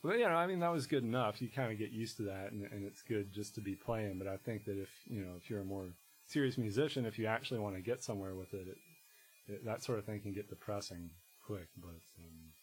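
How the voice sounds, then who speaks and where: A man, a musician guest in casual conversation, talking in a rambling, halting way full of restarts and fillers. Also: on the low side, slight background noise, low-quality recording.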